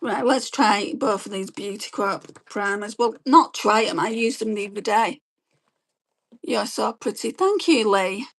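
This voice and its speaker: A woman, chatting quickly and rambling as she does her makeup and reads viewer comments on a beauty livestream. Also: mid-range voice, gravelly. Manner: fast-talking, chatty, rambling. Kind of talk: casual chat while doing makeup and reading live comments.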